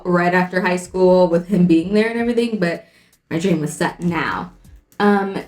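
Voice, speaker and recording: A woman's voice: lowish voice, a little mellow. A young woman and makeup vlogger telling a story in a casual, rambling way while doing her makeup. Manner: chatty and rambling, lots of "like". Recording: echoey room, faint music.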